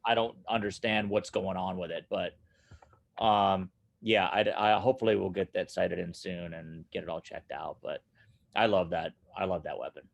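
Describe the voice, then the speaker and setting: A man talking casually as a guest about running his recording studio, animated and laughing often, repeating himself as he goes. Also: deep voice, normal speed, creaky. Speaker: guest, studio owner and drummer. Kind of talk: casual conversation.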